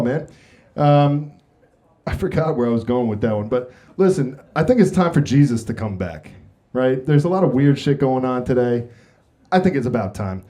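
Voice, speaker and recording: A man's voice: medium pitch, expressive, moderate pace, mellow. A man doing a blunt, confessional stand-up comedy set on a club stage. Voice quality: blunt, confessional, jokey delivery.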